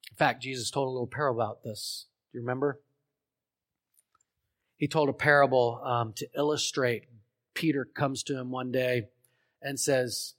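A man preaching a sermon, telling a parable and acting out its voices, swinging from loud pleading to hushed tones and questioning his listeners. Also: mid-range voice, fairly even intonation, moderate pace, pauses often. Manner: asks the congregation questions. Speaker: pastor.

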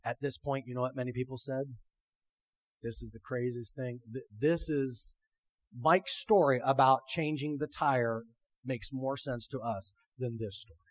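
A man's voice: mid-range voice, moderate pace. A male pastor preaching a sermon, reading scripture and stressing it with rhetorical questions. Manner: emphatic, rhetorical questions, reads scripture aloud.

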